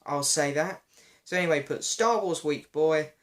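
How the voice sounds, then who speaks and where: A young man, hoarse because his voice is going, chatting and apologizing as he answers viewer questions in a casual vlog. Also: a little high, moderate pace, fairly bright tone. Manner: chatty, self-deprecating, often apologetic.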